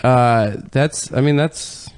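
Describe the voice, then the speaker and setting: A man co-hosting a podcast, trading dry deadpan quips in casual chat. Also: medium pitch, slow pace, smooth, no room sound. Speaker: podcast co-host.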